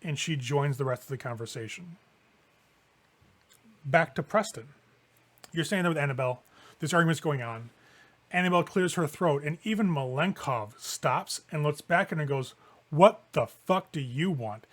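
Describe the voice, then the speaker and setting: A man's voice: fairly high pitch, normal speed, pauses often, fairly bright tone. A man narrating a tabletop game as game master, descriptive and casual. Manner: descriptive, casual with fillers like "kinda".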